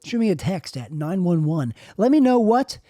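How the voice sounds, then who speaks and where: A man rambles through a comic solo monologue, drifting from one tangent to the next and ribbing himself as he goes. His voice sits slightly high for a man but stays mellow and soft-edged. The sound is close and dry, with no room around it. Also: sing-song, moderate pace, dry recording. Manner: rambling, self-deprecating, jokey digressions. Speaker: podcast host.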